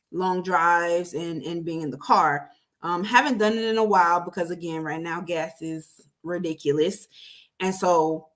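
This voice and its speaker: A woman's voice: mid-range voice, a bit bright. Chatty woman hosting a podcast. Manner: chatty, laughs often, addresses listeners directly. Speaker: podcast host. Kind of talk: casual solo podcast talk.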